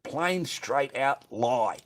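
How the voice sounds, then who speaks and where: A man's voice: mid-range voice, animated, drawn-out words. A middle-aged man with an Australian accent, ranting in a profane, repetitive, bitter monologue to his stream.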